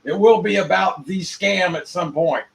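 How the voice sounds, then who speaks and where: A man hosting his own show alone, rambling in a free-associating monologue with rhyming wordplay, dropping to mutters and rising to loud outbursts. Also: high-pitched, unhurried, gravelly, poor audio. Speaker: show host.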